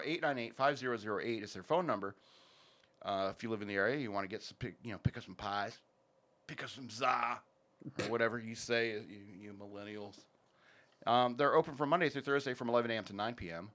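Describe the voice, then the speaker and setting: A man's voice: mid-range voice, a little fast, a bit bright. A man hosting a casual podcast, rambling and joking through sponsor reads with plenty of fillers. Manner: rambling, jokey, many fillers. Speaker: podcast host.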